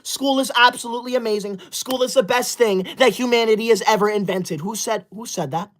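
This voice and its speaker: A performer playing a self-righteous young livestreamer who loves school, scolding the chat with indignant, sudden shouted outbursts into a close mic. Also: medium pitch, a little fast, close to an everyday voice. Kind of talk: comedy sketch livestream.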